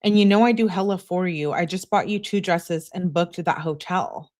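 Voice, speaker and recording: A young woman with a somewhat low voice reads text messages aloud for a true crime audience. She reads casually and keeps stopping to add blunt, scornful comments of her own. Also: moderate pace, a little mellow.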